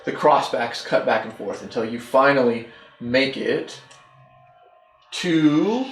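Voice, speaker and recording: A man's voice: mid-range voice, animated, slow, reverberant, low-quality recording. A man running a tabletop game as dungeon master, narrating loosely with many ums and likes. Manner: rambling, filler-heavy narration.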